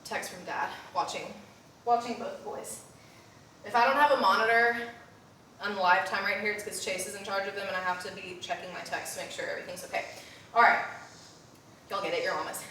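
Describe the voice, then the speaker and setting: A woman's voice: medium pitch, fairly even intonation, fairly quick, pauses often, bright, forceful tone, a little hiss or hum. A young woman teaching a postpartum workout, cueing breaths and reps while a little out of breath and often checking in with "okay?". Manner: coaching, cues breathing and reps, frequent "okay?". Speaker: postpartum fitness instructor. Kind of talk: live workout instruction. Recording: very echoey room, mic at a distance.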